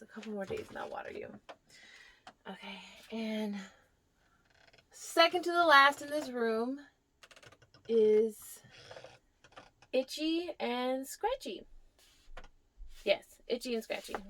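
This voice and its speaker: A young woman strolls through a casual vlog about her houseplants, speaking in an unhurried, fairly high voice. She coos fondly at each plant. Now and then her voice falls to a soft near whisper. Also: lively intonation, a little hiss or hum. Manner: drops to a near whisper at times. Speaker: plant vlogger.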